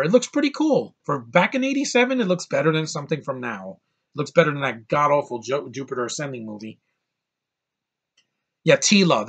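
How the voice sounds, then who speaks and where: A man's voice: medium pitch, a bit bright, breathy edge. A man giving a casual, rambling spoken film review, enthusiastic and full of restarts. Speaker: movie reviewer.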